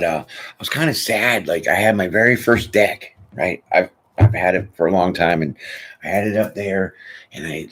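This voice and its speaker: A man hosting a tarot channel, chatting casually and rambling through a live question session, often tossing in "you know what I'm saying". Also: deep voice. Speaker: tarot reader host.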